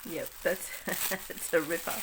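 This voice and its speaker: A woman's voice: lowish voice, fairly even intonation, measured pace, background noise. An Australian woman in her sixties chatting casually as she unboxes mail, gushing and exclaiming over each item. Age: 60s. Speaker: craft vlogger.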